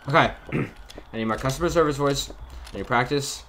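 Talking fast in a mid-range voice, a young gaming YouTuber riffs on a horror game, addressing his viewers with chatty jokes. The setup is a desk mic and face cam in a dark room at home, with a noisy background.

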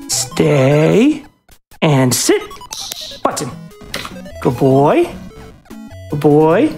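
Man, lively swooping voice, doting dog commands, live speedrun talk, faint music behind. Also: high-pitched, slow pace, long pauses.

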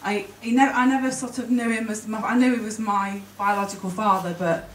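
A woman addresses an audience in a reverberant conference hall, her manner emotional, chatty and halting. Her voice is mid-range and steady in tone. Slight background noise and faint room ambience reach the distant mic.

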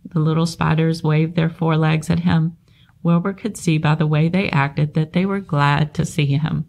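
Gravelly-voiced woman reading a storybook. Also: sits low, little pitch movement, normal speed, a little mellow. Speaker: library staff reader.

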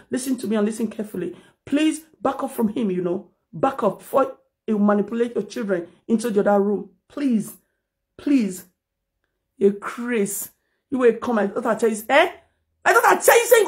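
Fiery Nigerian woman ranting. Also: on the high side. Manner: heated and accusing, slipping into pidgin, rising to shouts. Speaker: social media commentator. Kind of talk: angry livestream rant.

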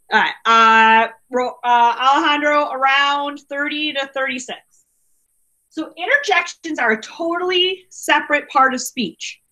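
A woman's voice: high-pitched, bright, forceful tone. A woman teacher giving a chatty grammar lesson to her class over a video call, saying okay a lot. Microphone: computer mic on a video call.

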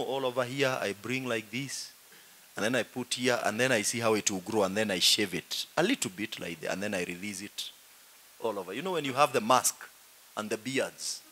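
Animated joking Kenyan preacher man. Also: medium pitch. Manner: animated, joking, repeats "you know". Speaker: pastor. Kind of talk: humorous sermon.

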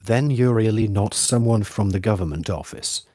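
A man's voice: fairly low pitch, normal speed, dark tone, dry recording, clean studio sound, natural voice. A man reading the part of an old village fisherman with a thin voice, asking suspicious questions. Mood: wary. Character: old male village fisherman, wrinkled, wary.

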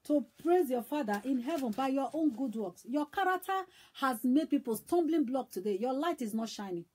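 A woman evangelist preaching a sermon, emphatic and repetitive, swinging between loud and hushed. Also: sits high, lively intonation, moderate pace, husky.

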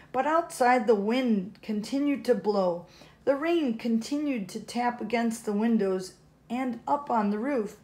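A woman's voice: fairly high pitch, warm tone. A woman, a teacher, reading a children's storybook aloud in a casual way, correcting herself as she goes.

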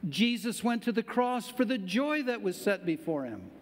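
Older guy pastor, high-ish voice, chatty emphatic sermon, big hall echo. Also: big pitch swings, normal speed. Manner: conversational, emphatic, rhetorical questions to the congregation. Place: church sanctuary.

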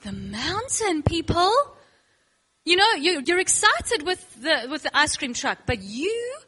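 A woman's voice: high voice, measured pace. A woman teaching worship to a class, playful and emphatic, acting out little scenes with her students. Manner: emphatic, bursts of excitement.

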